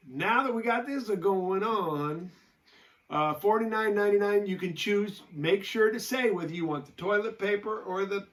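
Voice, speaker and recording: A man hosting a casual live stream, rambling and joking between stories. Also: sits high. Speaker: host.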